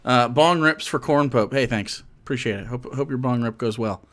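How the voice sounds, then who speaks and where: A man's voice: mid-range voice, normal speed, a bit bright. A man streaming live and commenting casually, chatty and mocking, often laughing and restarting his sentences.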